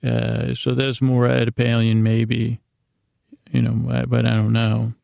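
A man hosting a slow bedtime podcast, recapping a TV episode in a meandering, hesitant way with frequent restarts. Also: medium pitch, monotone, vocal fry, a little mellow, clean tone, no echo, studio quality. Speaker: podcast host.

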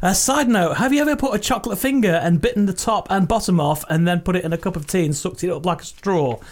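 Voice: mid-range voice, quick pace. A podcast co-host in casual, jokey chat, reading out listener emails and teasing the others.

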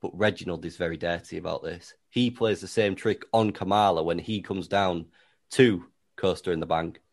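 A man with a low voice spins a made-up story in casual podcast chat. His delivery is deadpan and steady. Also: moderate pace. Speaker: podcast co-host.

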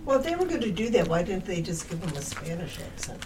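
A woman's voice: fairly low pitch, sing-song, fast, darkish tone. A woman co-hosting a casual chat, dropping dry, teasing comments. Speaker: podcast co-host.

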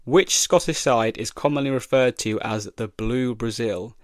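A man's voice: medium pitch, moderate pace, no echo, studio quality. Young man thinking aloud on a quiz. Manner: thinks aloud, reading questions and guessing. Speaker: podcast host. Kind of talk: solo football quiz podcast.

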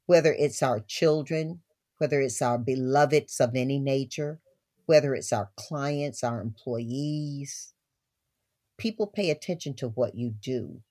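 An older woman from the American South, a guest telling family stories in an expressive, laughing way. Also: extremely low pitch. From Southern United States. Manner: expressive, laughing storyteller, warm asides. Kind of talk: storytelling interview talk.

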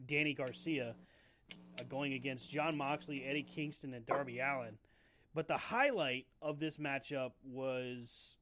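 A man's voice: mid-range voice, fairly bright tone, a little hiss or hum. A man co-hosting a podcast, chatting casually, steering the topics and asking his partner questions. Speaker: podcast co-host. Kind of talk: casual wrestling chat.

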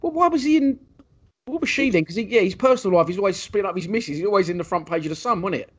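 A man hosting a casual interview, asking quick, chatty leading questions. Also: high voice, lively intonation, breathy edge.

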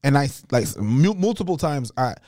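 A man's voice: mid-range voice, a little fast, no echo, clean studio sound. Blunt, repetitive man in casual chat. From Montreal, Canada. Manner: blunt, repetitive, animated when telling stories. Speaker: podcast co-host.

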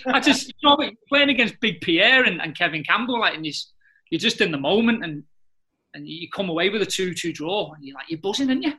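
A middle-aged man, a former footballer telling lively anecdotes in a casual interview and often laughing. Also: sits high, a little fast. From England.

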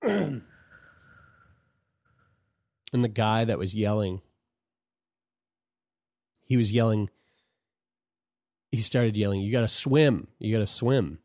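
A man's voice: lowish voice, expressive, slow pace, long pauses, a little mellow, no echo, clean studio sound. A man telling a personal story in casual conversation, frank and profane, often restarting his sentences.

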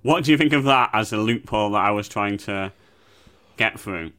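A man's voice: fairly low pitch, moderate pace, bright, forceful tone, clean tone. A man co-hosting a comedy podcast, in playful, rambling casual chat. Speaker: podcast co-host.

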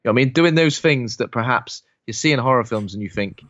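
A man's voice: medium pitch, expressive, fast, a bit bright, dry recording, muffled recording. A man co-hosting a casual film review podcast, chattily retelling a plot with asides. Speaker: podcast co-host.

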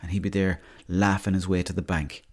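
A man's voice: sits low, flat delivery, brisk, a little mellow. A young Irish man hosting a podcast, telling rambling, sweary comic stories. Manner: swears freely, storytelling. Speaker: podcast host.

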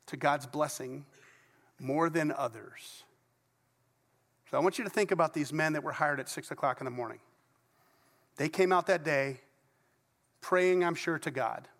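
A man's voice: on the high side, fairly bright tone. Middle-aged male pastor, casual story-led sermon with asides, recorded in a reverberant church. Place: church sanctuary before a congregation. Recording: long reverb of a large church hall.

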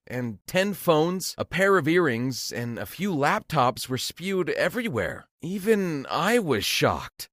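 A man narrating a dramatic first-person story in a lively, expressive way. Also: on the high side, dry recording, studio quality.

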